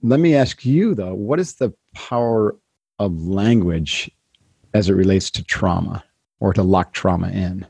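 A man hosting a podcast interview, asking questions in a relaxed, conversational way. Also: deep voice, a little slow, creaky, slightly rough, no room sound. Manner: conversational, self-deprecating laughs. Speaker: podcast host.

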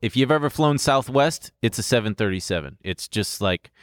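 A man's voice: mid-range voice, expressive, moderate pace, no room sound. Male podcast co-host, casual, swears freely, dry close sound. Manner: explains at length with profane asides. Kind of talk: casual chat.

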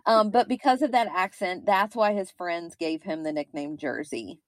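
A woman's voice: fairly low pitch, moderate pace, no room sound. A woman in her thirties with a Kentucky accent, co-hosting a true-crime podcast in a chatty, rambling way with frequent fillers. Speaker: podcast co-host.

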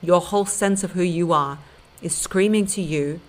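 In a relationship advice monologue, a podcast host and dating coach lectures her listeners directly in a blunt, emphatic way. Her voice is fairly low and her speed is normal.

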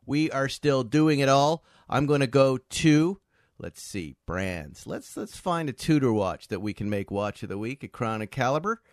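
A man hosting a podcast, chatting casually and reading sponsor ads with lively energy. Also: lowish voice, normal speed, no room sound, clean studio sound. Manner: chatty, animated, laughs often. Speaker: podcast host. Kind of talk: casual chat with sponsor read. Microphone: video call.

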